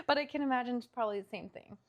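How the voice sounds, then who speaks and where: Higher-voiced woman podcast host. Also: lively intonation, a crowd in the background. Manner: warm backchanneling, quick laughs. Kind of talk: casual interview chat.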